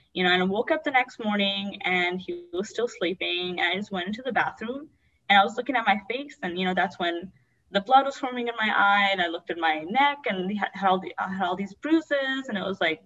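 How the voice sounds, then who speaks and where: A woman's voice: medium pitch, brisk, fairly bright tone, highs cut off. A young adult woman, a guest, candidly telling an emotional personal story and acting out the voices she quotes.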